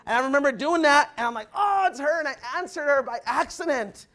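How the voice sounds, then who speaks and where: Young male motivational speaker, high-pitched, punchy, keeps rallying the room. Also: fast talker. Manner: energetic, addresses the crowd as guys, acts out quotes. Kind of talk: motivational business talk.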